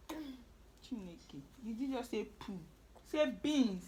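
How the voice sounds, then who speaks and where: A young woman with a Nigerian English accent, playfully teasing and fussing over her little ones at home. Her slightly high voice swoops up and down with lots of expression. She takes her time, drawing out her words. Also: animated, extremely slow, pauses often, a little mellow, a little hiss or hum. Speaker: mother and family vlogger. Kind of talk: casual family chat with young children. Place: family home.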